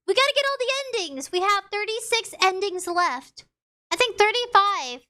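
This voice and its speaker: A woman's voice: extremely high pitch, very animated, normal speed, heavy background noise. A young woman streaming a horror game, reading its text aloud with playful commentary and dramatic sound effects.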